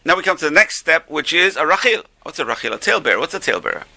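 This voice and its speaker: An older man gives an informal religious class, chatting and joking his way through stories. His voice is gravelly, very bright and sharp, and he swings widely up and down in pitch. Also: big pitch swings, very fast. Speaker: religious teacher.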